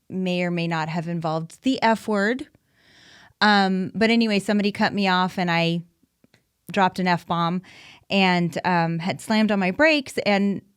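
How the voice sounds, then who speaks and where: A woman's voice: fairly low pitch, clean tone, no room sound, clean studio sound. A woman in her thirties hosting a podcast, talking candidly and chattily with frequent ums and restarts about life with her son. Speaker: podcast host, mother of an autistic son. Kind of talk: casual solo podcast talk.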